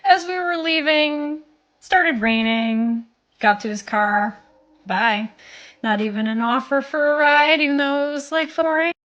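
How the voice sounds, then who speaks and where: A woman vlogging, rambling flatly about a date. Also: sits high, a little slow, muffled recording. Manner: flat, rambling. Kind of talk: vlog.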